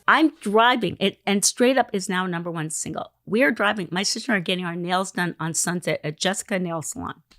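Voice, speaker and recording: A woman telling an anecdote in an interview, animated, acting out the lines she quotes. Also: on the low side, fairly quick, hardly any pauses, no echo. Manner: animated storyteller who acts out quoted lines. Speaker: interview guest.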